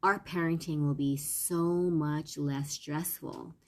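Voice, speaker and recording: Parenting coach, woman, low voice, earnest and rambling live-stream talk. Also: steady tone, slow pace, a little mellow. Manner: meandering, earnest, many fillers and restarts.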